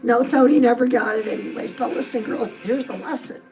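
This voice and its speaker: A high-pitched woman coaching her followers on dating, chatty and sassy, calling them "girls". Clear music plays under her voice throughout. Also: a little fast, poor audio. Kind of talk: direct-address advice talk. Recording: music playing behind the voice.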